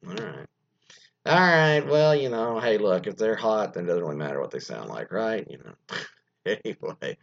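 A man's voice: low-pitched, sing-song, brisk, creaky, breathy edge, highs cut off. A man hosting an internet radio show, reading an article aloud and rambling through asides with plenty of fillers. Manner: rambling, many fillers and asides, muttered side remarks. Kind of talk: casual solo commentary reading an article aloud.

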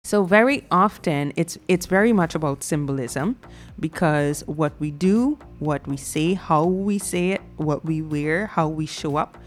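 A woman hosting a discussion, deliberate and building her points in lists. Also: sits low, faint music behind. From Guyana. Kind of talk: measured discussion.

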